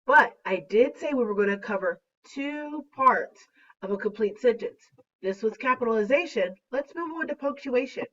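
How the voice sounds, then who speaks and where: A woman teaching a third grade lesson on a slideshow, speaking slowly and deliberately with a playful teacher manner. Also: on the high side, expressive, fairly bright tone. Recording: dull, distant lo-fi recording.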